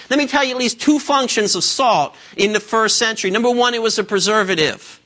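A man's voice: sits high, sharp tone. A man preaching a sermon to a congregation in church, emphatic and full of rhetorical questions. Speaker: pastor. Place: church service before a congregation.

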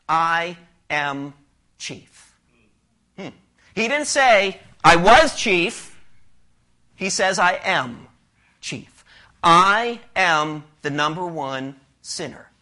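Bright, high-voiced male preacher. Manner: emphatic, rhetorical questions, quotes scripture. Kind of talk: expository sermon.

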